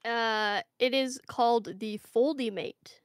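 A woman hosting a casual comedy game, easygoing and quick to giggle as she judges the rounds. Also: fairly high pitch, smooth, no echo, clean studio sound. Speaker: host.

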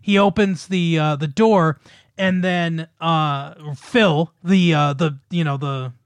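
A podcast co-host casually recaps a movie plot in a chatty conversation, rambling, swearing, laughing often, and using lots of fillers. His voice is on the high side, with fairly even intonation and a slow pace, and there is no echo.

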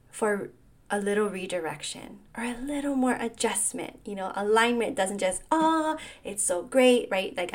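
A woman's voice: medium pitch, a little mellow. Earnest woman coach talking to listeners. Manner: earnest, often says "right?" and "like". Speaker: business coach podcast host. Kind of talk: reflective solo talk.

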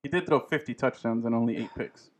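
A man's voice: medium pitch, quick pace, darkish tone. A young adult man co-hosting a casual sports chat, rambling, slangy and often laughing. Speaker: podcast co-host.

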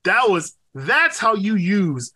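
A young man co-hosting a podcast in casual chat, animated and profane, with loud exclaims. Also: high-pitched, takes it slowly, slightly rough. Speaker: podcast co-host.

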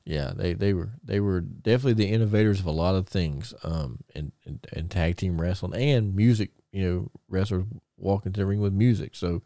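A man hosting a podcast, telling stories in casual chat with excited, rambling restarts. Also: low-pitched, a little fast, few pauses, no room sound. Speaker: podcast host.

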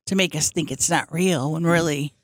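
A woman's voice: low voice, moderate pace, no room sound. A woman with a lisp co-hosting a comedy podcast, joking casually and slipping into impressions. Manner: animated, jokey, slips into impressions. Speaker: podcast co-host.

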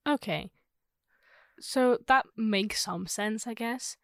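A woman's voice: mid-range voice, fairly even intonation, unhurried, no echo, clean studio sound. A woman from Liverpool co-hosting a podcast, chatty and teasing, jumping in with questions. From Liverpool, England. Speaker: podcast co-host. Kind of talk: casual chat.

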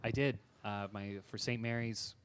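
A man's voice: fairly low pitch, fairly even intonation, moderate pace, background noise. A man on a comedy podcast, telling a casual story in a sheepish, self-deprecating way.

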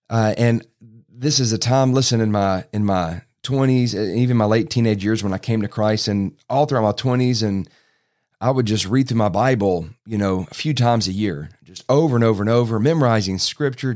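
A man in his forties delivering a sermon in an urgent, exhorting voice. He pushes his points hard and picks up speed as his excitement builds. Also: mid-range voice. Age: 40s. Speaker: preacher.

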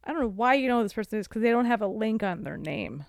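A woman co-hosting a casual podcast, recapping a movie and acting out the characters in quick voices. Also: mid-range voice, lively intonation, creaky, no room sound, clean studio sound. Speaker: podcast co-host.

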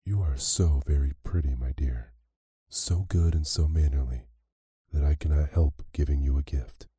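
A man voicing a kindly female fairy in a storybook reading, speaking gently and formally in a raised voice. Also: very deep voice, normal speed, husky, no room sound, clean studio sound, heavily acted. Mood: gentle. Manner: gentle, formal old-fashioned speech.

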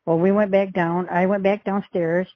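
A woman's voice: mid-range voice, little pitch movement, moderate pace, dry recording, dull audio. A middle-aged woman recounting a past event as an interview witness, rambling along and acting out the dialogue she quotes. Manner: rambling storyteller who acts out quoted dialogue.

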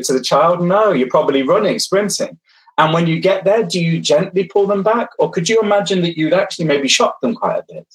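A man's voice: a little high, poor audio. A man lecturing online, engaging his audience directly and reading out their replies from the chat.

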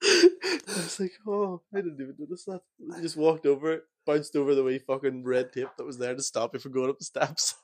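A man's voice: on the high side, lively intonation, a little fast. A young man, telling nights-out stories with laughter and plenty of swearing in a casual chat. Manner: laughing storyteller, heavy swearing. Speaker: podcast co-host.

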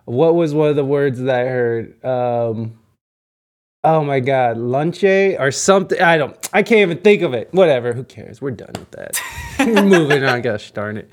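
A man with a mid-range voice hosts a relaxed interview. He rambles loosely and leans on filler words, restarting phrases as he talks. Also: mid-range voice, moderate pace. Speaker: interview host. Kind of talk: casual interview chat.

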